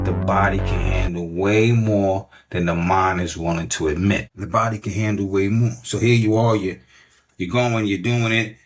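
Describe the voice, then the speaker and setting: A man's voice: low-pitched, steady tone, moderate pace, creaky, music in the background. A middle-aged man, a fitness coach giving emphatic, repetitive motivational talk and often checking in with "right?".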